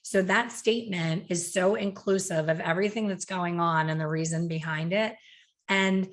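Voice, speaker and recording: A woman hosting a casual podcast conversation. She tells stories in a lively way and acts out the quotes she retells. Her voice sits somewhat low for a woman. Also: normal speed. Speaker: podcast host, hair color educator.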